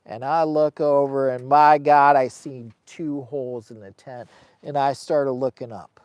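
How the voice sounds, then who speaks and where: A man's voice: medium pitch, level tone, unhurried, darkish tone, smooth, dry recording. A middle-aged man, a camping vlogger, talking casually and emotionally from inside a heated tent on a cold, windy day. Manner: rambling, colloquial, emotional. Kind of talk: casual livestream chat.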